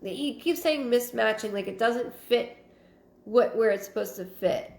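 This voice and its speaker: A woman's voice: fairly high pitch, measured pace, creaky, a little mellow. Woman medium talking in an echoey room. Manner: fragmented, repeats phrases, thinks aloud. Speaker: psychic medium hosting a live stream. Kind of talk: live-stream readings, reading out viewer comments. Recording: roomy echo.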